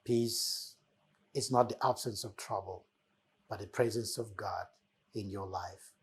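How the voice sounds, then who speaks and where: A man hosts a motivational talk, preaching life lessons in a preacherly style, repeating key words with emphatic swells. His voice is lowish and steady, and his pace a little slow.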